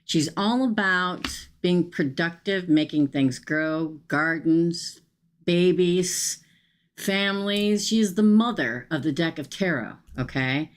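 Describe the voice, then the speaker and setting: A woman's voice: on the low side, slow pace. Chatty woman reading tarot live. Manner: chatty and emphatic, frequent "okay?" asides. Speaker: tarot reader and live stream host.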